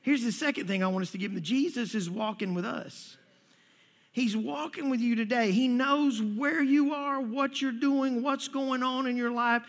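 A male pastor with a very high voice preaching a sermon, talking conversationally and often repeating words. He asks the congregation questions directly. The sound carries a long reverb from a large church hall. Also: a bit bright.

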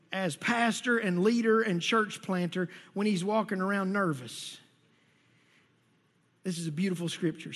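A man preaching a sermon as pastor, talking in an animated, folksy way and repeating key phrases. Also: high voice, breathy edge. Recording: long reverb of a large hall.

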